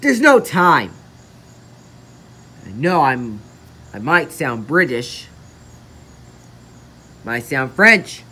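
A woman performing a homemade plush toy adventure, voicing every character herself and jumping between high and low character voices. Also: big pitch swings, extremely slow, pauses often, bright, forceful tone, husky. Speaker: plush toy video maker.

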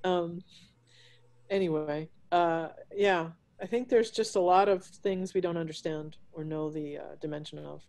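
A woman's voice: lowish voice, a little slow, a little mellow. A woman author chatting effusively with guests over a video call from her home. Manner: effusive, gushing over pets. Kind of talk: casual chat on a video call. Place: at home, alone.

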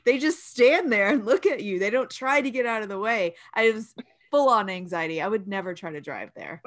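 A woman's voice: mid-range voice, lively intonation, brisk. A woman co-hosting a podcast, chatting casually and telling rambling stories with frequent laughter. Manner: bubbly, laughs often, rambling storytelling. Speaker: podcast co-host. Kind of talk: casual chat.

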